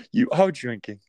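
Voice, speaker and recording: A man's voice: medium pitch, dark tone, dry recording. A young man hosting a podcast in casual chat, joking and laughing often as he restarts his sentences. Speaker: podcast host.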